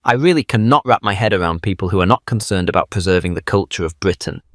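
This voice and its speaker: A man's voice: low voice, fast talker, a bit bright, no echo, clean studio sound. A man reading viewer comments aloud and reacting with incredulity as host. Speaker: compilation host. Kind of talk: commentary to camera.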